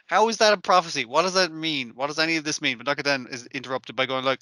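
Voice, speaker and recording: A man co-hosting an anime podcast, chatting casually with lots of swearing and acting out scenes in quick asides. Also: a little high, no echo. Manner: profane, animated, acts out characters in quick asides. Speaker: podcast co-host. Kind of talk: casual chat recapping an anime.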